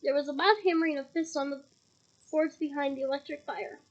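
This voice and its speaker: High-pitched woman reading a story out loud, chatty asides, kinda dull lo-fi sound. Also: fairly even intonation, fairly quick, very noisy. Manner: chatty, giggly asides between passages. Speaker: reader. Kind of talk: reading a novel aloud with asides.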